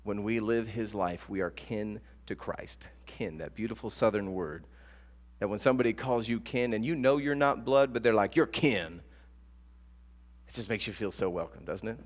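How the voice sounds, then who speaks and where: A man preaching a sermon as pastor, telling stories with lively acted-out quotes. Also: fairly low pitch, normal speed. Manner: animated storytelling with acted-out quotes. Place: church sanctuary. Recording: long church reverb with soft guitar.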